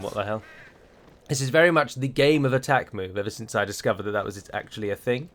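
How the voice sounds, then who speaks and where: An English man narrating his own playthrough of a strategy game. He talks casually at a middling pitch and drifts into chatty asides as he plays. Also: fairly bright tone, slight background noise. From England. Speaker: gaming YouTuber. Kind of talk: let's play commentary.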